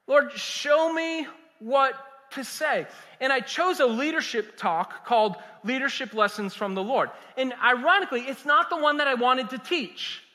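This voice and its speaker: A man, a pastor preaching a sermon in an animated, conversational and humorous way. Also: very high voice. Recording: echoey hall.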